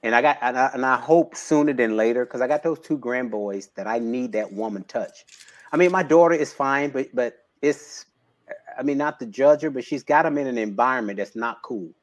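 Animated fifty-something man telling stories. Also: mid-range voice, moderate pace. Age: 50s. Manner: animated storyteller, emotional about faith. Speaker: podcast guest, bodybuilder and trainer. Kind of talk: casual conversation.

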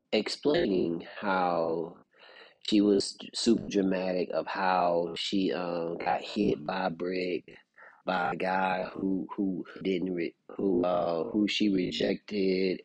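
A man's voice: deep voice, a little mellow, husky, no echo. A man hosting a podcast, talking casually in a rambling commentary with lots of fillers and restarts. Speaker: podcast host.

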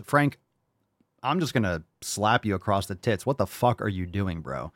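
A man's voice: fairly low pitch, big pitch swings, moderate pace, no echo, studio quality. A man hosting a casual fitness podcast, reading listener posts and answering with blunt, profane tough-love rants. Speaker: podcast host.

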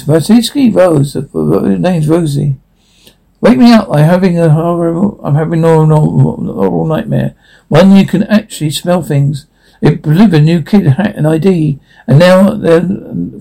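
A man's voice: fairly high pitch, creaky, mellow, poor audio. A man reading out a cartoon story, voicing every part and reading the sound cues aloud, often stumbling and restarting.

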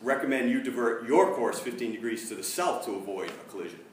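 A man voicing a calm, dry voice from a lighthouse that answers the ship over the radio. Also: medium pitch, fast, a little hiss or hum, lightly acted. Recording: echoey room, distant mic.

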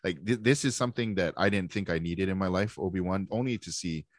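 A very low-voiced man talking through his thoughts in a casual review chat, full of "like" and restarts. The sound is close and dry with no room around it. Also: a little fast, dry recording. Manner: rambling, filler-heavy, thinking aloud. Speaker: podcast co-host.

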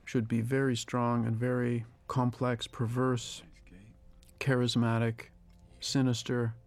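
A man, a film director, giving a reflective audio commentary, thinking aloud with pauses and restarts. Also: mid-range voice, completely flat delivery.

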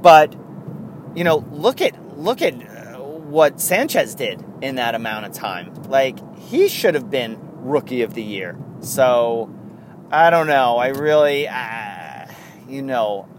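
A man with a New York accent hosting a casual solo sports podcast, rambling and excitable, laughing often. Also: medium pitch, slow, noisy background. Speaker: podcast host.

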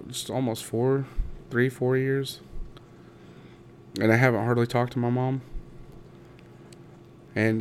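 A man in his thirties speaks at a middle pitch, recounting his own life in an unscripted monologue. He stumbles, restarts and repeats words, and his voice carries raw emotion close to breaking. A faint background hum sits under the recording. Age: 30s. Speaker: podcast host. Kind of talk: personal storytelling monologue.

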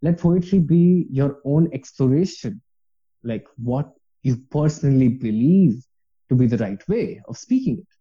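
A man's voice: mid-range voice, expressive, unhurried, dark tone, breathy edge, highs cut off. A man talking earnestly and passionately about reading poetry, rambling with many fillers in a casual podcast chat.

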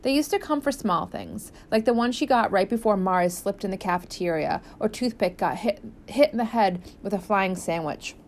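A woman narrating a children's novel as an audiobook in a lively, expressive reading. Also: medium pitch, moderate pace, hardly any pauses. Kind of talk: scripted narration.

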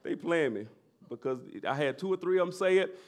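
A middle-aged male pastor preaching a sermon in a loose conversational way, with laughing asides and loud bursts of emphasis. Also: a little high, animated, fairly quick.

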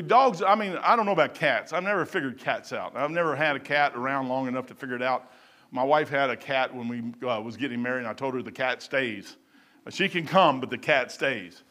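A man preaching a sermon in a folksy, rambling way, swinging between loud bursts and quiet asides. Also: mid-range voice. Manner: folksy and rambling, with stumbles and chuckles.

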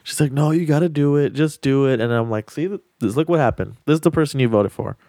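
A man's voice: fairly high pitch, quick pace, dark tone, dry recording. Crude laughing man, dry sound. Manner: crude, laughing, riffs and swears often. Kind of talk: casual podcast chat.

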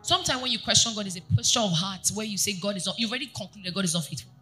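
Bright-voiced woman preaching. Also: mid-range voice, fast talker, faint music behind. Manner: animated preaching, asks the congregation questions. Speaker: pastor. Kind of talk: sermon. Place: church.

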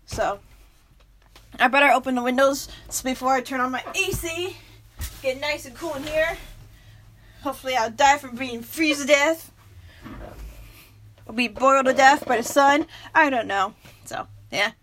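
A young woman talking casually in a vlog, rambling and self-mocking, fast from too much coffee. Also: high voice, fairly bright tone, slight background noise. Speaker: vlogger.

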